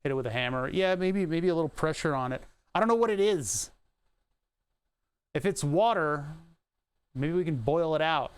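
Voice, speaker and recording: A man's voice: on the high side, lively intonation, normal speed, long pauses, smooth. Swearing, rambling male streamer. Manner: profane, rambling, self-amused. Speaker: streamer repairing a keyboard. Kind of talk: casual livestream chat while working. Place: home room with air conditioning running.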